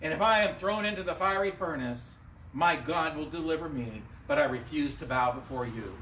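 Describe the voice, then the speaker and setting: A man's voice: on the high side, normal speed, bright, forceful tone, slight background noise, voice pushed down. A man preaching voices three faithful young men who firmly refuse the king. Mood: resolute. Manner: firm, resolute. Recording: echoey room, mic at a distance.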